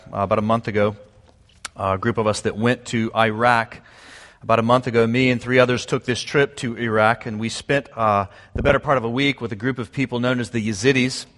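Male pastor, casual sermon delivery, plenty of ums and uhs, big reverberant hall. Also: medium pitch. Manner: relaxed, conversational with many fillers.

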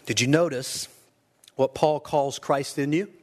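Male pastor, fairly high voice, earnest emphatic sermon delivery. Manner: earnest, emphatic preaching with slow stressed phrases.

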